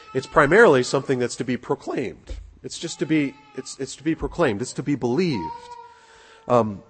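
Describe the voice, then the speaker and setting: Husky-voiced preacher in an echoing hall. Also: male voice, mid-range voice. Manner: earnest, repeats key phrases for emphasis. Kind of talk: sermon. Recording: long echoing hall reverb.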